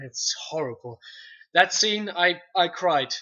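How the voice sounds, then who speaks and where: A young man from Iceland, an English speaker, chatting playfully and excitedly as a singer in a casual livestream interview. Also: a little high, moderate pace, highs cut off. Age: young adult.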